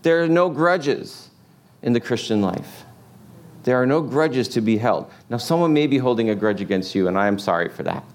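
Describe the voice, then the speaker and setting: A man's voice: medium pitch, lively intonation, moderate pace. A man preaching a sermon in a casual, joking way, asking the congregation lots of rhetorical questions. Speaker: pastor.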